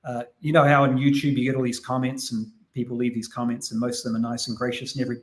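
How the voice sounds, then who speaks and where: A man from New Zealand with a mild New Zealand accent, talking fast and chatty as a podcast guest. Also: medium pitch, level tone. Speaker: guest analyst. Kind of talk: casual podcast conversation.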